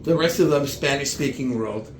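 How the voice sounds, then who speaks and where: A man telling comic stories in meandering, halting chat full of restarts. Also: mid-range voice, reverberant, slight background noise. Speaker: comedian. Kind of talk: rambling comedic chat.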